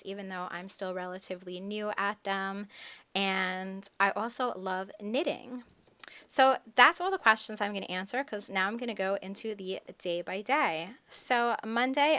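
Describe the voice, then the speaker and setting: A woman's voice: medium pitch, pushed and bright, clean tone. A young woman narrating her planner video in a chatty, enthusiastic, rambling voice-over. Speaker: planner vlogger.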